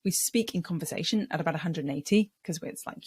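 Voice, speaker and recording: Lady speaking coach explaining stuff, lowish voice, dry close mic, super clear. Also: dry recording. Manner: clear, deliberate, demonstrates voice styles. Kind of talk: teaching to camera.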